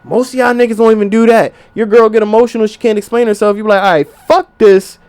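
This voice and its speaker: A man's voice: high-pitched, level tone, rapid-fire, darkish tone, smooth. A man in his twenties hosting a podcast, giving blunt, profane relationship advice in a casual rant. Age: 20s. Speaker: podcast host.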